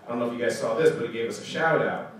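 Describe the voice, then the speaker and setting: A man's voice: medium pitch, racing. Thirties man, casual storyteller, laughs a lot, recorded far off in a big echoing room with light hiss. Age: 30s. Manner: animated, laughs often, restarts and trails off. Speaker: guest speaker. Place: school auditorium. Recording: echoey hall, voice picked up from far off.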